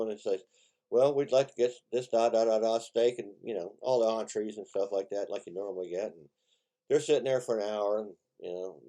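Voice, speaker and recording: A man's voice: fairly low pitch, mellow. A man hosting a small news show, telling corny jokes in a rambling way and chuckling at his own punchlines. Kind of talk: casual joke telling.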